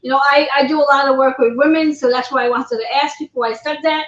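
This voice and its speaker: A woman's voice: high-pitched, fairly even intonation, fast talker, fairly bright tone, a little hiss or hum. A woman hosting a livestream interview, chatty and encouraging, often repeating her words. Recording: roomy, dull lo-fi livestream audio.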